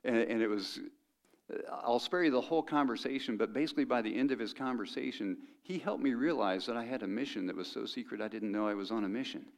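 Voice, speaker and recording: A man's voice: medium pitch, fast talker, gravelly. A middle-aged man preaching a sermon as pastor, conversational and joking with the congregation.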